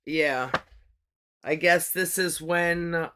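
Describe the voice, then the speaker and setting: A woman's voice: on the low side, steady tone, extremely slow, noisy background. A woman hosting a livestream, casually reading scripture and giving blunt, profane commentary as she thinks aloud. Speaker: livestream host.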